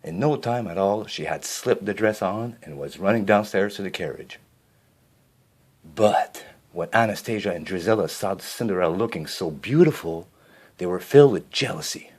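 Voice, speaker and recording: Male storybook reader, low voice, lively intonation. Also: moderate pace. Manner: expressive with small slips and restarts. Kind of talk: reading a children's storybook aloud.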